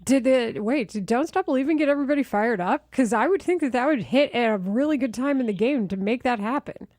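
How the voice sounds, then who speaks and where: A female sports radio host with a fairly high voice, briskly moving the show along in a dry studio. She sounds confident as she introduces callers. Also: animated, darkish tone, no echo. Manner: brisk, takes calls.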